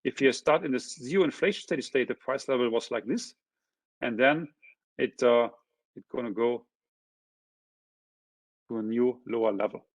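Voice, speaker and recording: Male economist, seminar lecture, husky tone, dry sound, keeps checking in with listeners. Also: medium pitch, moderate pace, long pauses, no echo. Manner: checks in with frequent tag questions; points through a figure step by step. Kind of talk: academic lecture explaining graphs.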